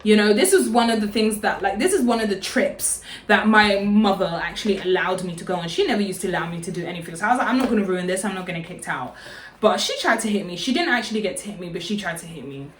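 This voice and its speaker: A young woman tells a storytime in a loud, chatty, profane way. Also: mid-range voice, quick pace, few pauses, echoey room, slight background noise. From London. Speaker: vlogger. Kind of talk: casual storytime.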